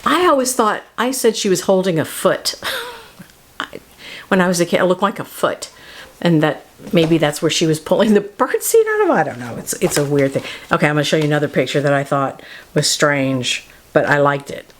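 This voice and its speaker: A woman talks through storybooks in a loose, chatty way. She laughs a lot and often breaks off mid-sentence. Her voice sits a little low, over a faint hiss of background noise. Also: big pitch swings, moderate pace. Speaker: host. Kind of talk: casual book talk. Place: home studio.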